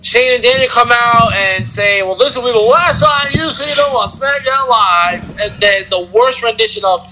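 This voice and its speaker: A man's voice: extremely high pitch, moderate pace, hardly any pauses, sharp tone, a little hiss or hum, rough recording. A man hosting a podcast, giving a rambling, casual recap with lots of fillers and chuckling asides. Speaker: podcast host. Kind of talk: casual wrestling recap chat.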